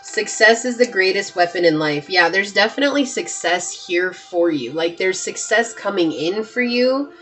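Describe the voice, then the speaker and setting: A woman giving a casual pick-a-card tarot reading, earnest and emphatic, chatty with frequent "like" and quick restarts. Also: medium pitch, expressive, fairly bright tone, soft background music. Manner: earnest and emphatic, often shifting into spiritual advice. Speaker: tarot reader.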